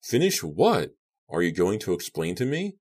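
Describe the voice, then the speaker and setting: A man reading the part of a frightened teenage boy who is tied up, pleading and shouting in panic. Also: low-pitched, big pitch swings, moderate pace, breathy edge, full character voice. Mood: panicked.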